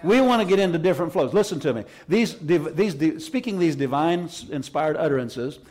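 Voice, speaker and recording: A man's voice: a little high, expressive, fairly quick, a little mellow. A man preaching a Pentecostal sermon in a church service, fervent and emphatic, repeating his key phrases for weight. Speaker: pastor.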